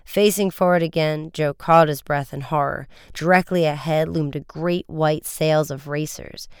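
A man's voice: on the high side, fairly even intonation, smooth, dry recording, studio quality. A man reading an adventure story aloud as a narrator, slipping into voices for the boys in the dialogue. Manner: does quick character voices for the boys in dialogue. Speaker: audiobook reader. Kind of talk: scripted narration.

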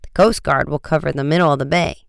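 A man voicing an eager, quick-speaking teenage boy detective in a storybook reading. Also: a little high, fairly even intonation, vocal fry, dry recording, studio quality.

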